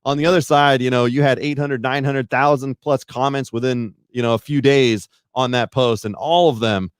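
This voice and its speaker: A man's voice: mid-range voice, steady tone, normal speed, clean tone, dry recording, studio quality. A man, a podcast guest, chatting casually in a rambling, self-deprecating way that hedges a lot. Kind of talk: casual chat.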